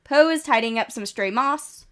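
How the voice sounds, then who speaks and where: Woman game streamer, congested with a cough, slightly high voice, casual giggly commentary into a desk mic. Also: moderate pace, a bit bright. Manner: reads game events aloud with chatty asides and giggles. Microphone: desk microphone.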